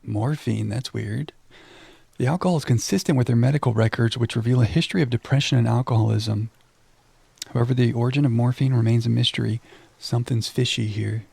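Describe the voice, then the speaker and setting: A young man from Texas streams a mystery game, reading its text aloud and chatting with his viewers in between. His voice is heavily gravelly with a dark, mellow tone. The sound is close and dry, with no room echo. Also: medium pitch, fast talker. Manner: reads on-screen text aloud, then chats with viewers. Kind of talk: casual let's-play commentary reading game text aloud.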